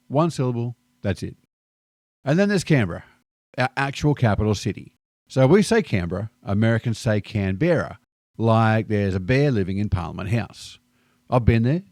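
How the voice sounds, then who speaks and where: A man's voice: fairly low pitch, expressive, moderate pace, creaky, darkish tone, no room sound, studio quality. A middle-aged Australian man with an Australian accent, narrating a vlog in a wry, joking way. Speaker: vlogger. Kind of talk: scripted narration.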